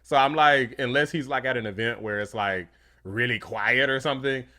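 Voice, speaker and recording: Bright-voiced man doing casual commentary. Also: medium pitch, normal speed. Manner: casual, dismissive, slangy. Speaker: YouTube commentator. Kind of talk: reaction video commentary.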